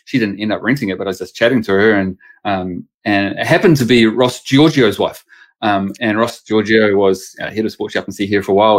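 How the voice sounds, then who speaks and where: New pastor telling a lively story. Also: male voice, fairly low pitch. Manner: animated storyteller acting out quoted voices. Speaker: pastor and sports chaplain. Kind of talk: casual storytelling interview.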